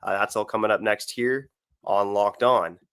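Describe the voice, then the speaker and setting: A man co-hosting a hockey podcast in casual chat, relaxed and hedging, with many fillers. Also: lowish voice, moderate pace, clean tone, no room sound, clean studio sound. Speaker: podcast co-host.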